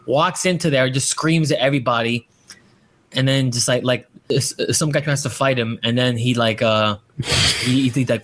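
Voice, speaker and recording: Male podcast host, loose and profane, keeps restarting his sentences, medium pitch. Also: normal speed, fairly bright tone. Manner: profane, rambling with many restarts. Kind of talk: casual chat.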